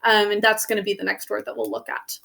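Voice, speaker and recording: A woman's voice: medium pitch, level tone, quick pace, gravelly, bright, forceful tone. A young woman, a teacher recording a spelling lesson for her students, patiently sounding out phonograms step by step.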